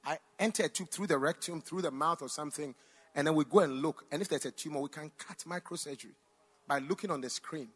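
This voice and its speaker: In a church hall, a man who is both pastor and doctor preaches a sermon built on personal stories, swinging between loud exclamations and quiet asides. He talks fast in a slightly rough, higher voice, with long reverb from the large hall.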